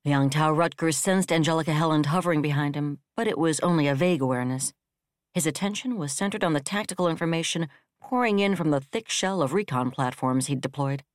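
Dry, steady audiobook narrator. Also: mid-range voice, fairly quick, no echo.

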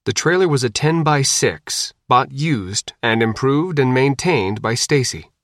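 Lively male audiobook narrator. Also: medium pitch, unhurried, dry recording, clean studio sound. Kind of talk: scripted narration.

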